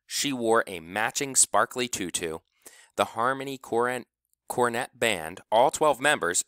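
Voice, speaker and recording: A man narrating a novel with expressive storytelling. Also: on the low side, no echo, clean studio sound. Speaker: audiobook narrator. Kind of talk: scripted narration.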